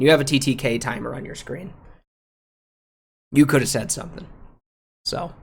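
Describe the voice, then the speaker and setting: A man's voice: medium pitch, moderate pace, creaky, slightly rough. Man, game streamer, live commentary, profane, heated rants, repeats himself, slangy. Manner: repeats phrases, slangy with "bro" and "dude". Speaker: game streamer reviewing raid footage.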